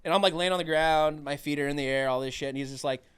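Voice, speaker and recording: A young man from New Mexico telling stories in casual podcast chat. His voice is smooth and clear, at a middle pitch, and it is recorded close and dry. He tells his anecdotes with a lot of swearing and bursts of acted-out voices. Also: quick pace, dry recording. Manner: animated, swearing, acts out other people's voices. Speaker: guest comedian.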